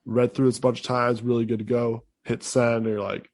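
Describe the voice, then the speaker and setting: A man's voice: mid-range voice, flat delivery, brisk, a little mellow. Laid-back, swearing young male podcast host. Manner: loose, profane, laughs often. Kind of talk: casual chat.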